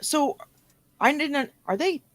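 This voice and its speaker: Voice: high voice, lively intonation, slow pace, a bit bright, no room sound. A podcast co-host in casual chat who gives short replies and asks curious questions. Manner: brief backchannels, curious questions.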